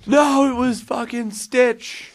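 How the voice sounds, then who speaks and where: A man's voice: very high-pitched, steady tone, slow. A man telling a long funny story on a casual podcast, rambling with many fillers. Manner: rambling, lots of "like" and "uh", laughs at own story.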